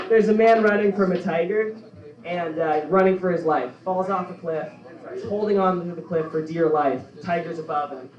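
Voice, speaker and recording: A young man doing a stand-up set, halting and offhand, with lots of fillers. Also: high voice, crowd noise. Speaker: stand-up comedian. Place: comedy club stage. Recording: echoey, dull room recording from far off. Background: audience laughter.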